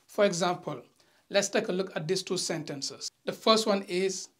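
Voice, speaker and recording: Teasing viewers lightly, this language teacher talks straight to the camera during an online lesson. Example sentences get read out slowly and with care, in a medium-pitched voice.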